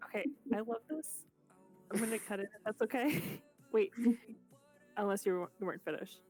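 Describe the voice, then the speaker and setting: A woman chats as a player in a tabletop game, hesitant and casual, laughing often. Her pitch is mid-range. Faint music sits underneath. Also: brisk, a little mellow. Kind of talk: casual chat.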